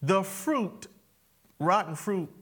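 A male pastor preaching a sermon, playful and animated, constantly calling the congregation to answer "amen". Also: high-pitched, takes it slowly, husky. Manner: animated, playful, calls for amens. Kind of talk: sermon with call and response.

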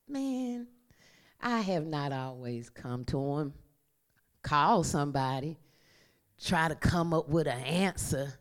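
A woman preaching a sermon, calling on the congregation to repeat after her and dropping from loud exclamations to near-whispers. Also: medium pitch. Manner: animated, call-and-response with congregation.

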